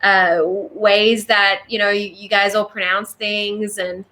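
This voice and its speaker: A woman's voice: mid-range voice, little pitch movement, takes it slowly, pushed and bright. A woman from Sydney with an Australian accent, a singer-songwriter guest chatting cheerfully on a podcast. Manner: cheerful, chatty, laughs often. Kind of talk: casual interview chat.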